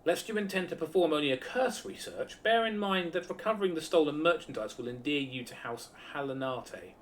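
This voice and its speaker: A man's voice: a little high, a little fast, far from the mic, a little hiss or hum, lightly acted. A man reading a haughty demanding lord. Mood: condescending. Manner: condescending, bargaining. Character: haughty middle-aged male lord, demanding.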